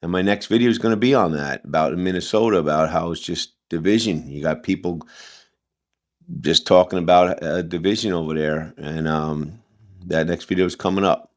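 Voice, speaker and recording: Low-voiced guy ranting over a clip, rambling, lots of you knows and restarts. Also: fairly quick. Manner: rambling, heated, many fillers and restarts. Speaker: commentary channel host. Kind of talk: casual reaction commentary.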